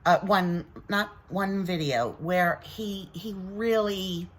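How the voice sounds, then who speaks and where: A woman's voice: lowish voice, takes it slowly, rough recording. Blunt, defensive woman vlogger. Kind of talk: casual venting to camera.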